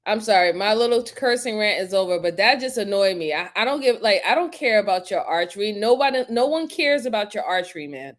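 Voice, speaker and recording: A woman's voice: medium pitch, expressive, fairly quick, few pauses. A woman hosting a crime commentary show, talking casually in an outspoken, exasperated way and then apologizing for her cussing. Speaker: host reacting to crime footage.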